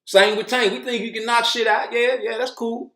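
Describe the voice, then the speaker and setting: Male commentator, high-pitched, blunt and profane rant, echoey room. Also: fairly even intonation, moderate pace, a bit bright. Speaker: boxing commentator. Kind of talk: ranting commentary.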